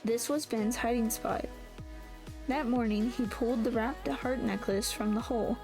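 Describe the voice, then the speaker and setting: Over music, a woman reads a first-person novel as an audiobook, regularly breaking off to correct and restart what she's saying. Her voice is a little high, and her pace is moderate.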